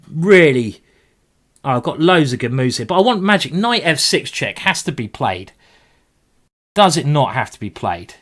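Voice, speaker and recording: Chess streamer: man, fairly high voice, excitable and playful, jokes with his opponent while he plays fast games. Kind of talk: live commentary while playing blitz chess.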